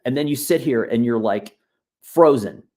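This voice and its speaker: A man leading a live online bookmaking workshop, walking viewers through software in a loose, chatty, encouraging way while he clicks around. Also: medium pitch, a little fast. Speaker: workshop instructor. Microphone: video call.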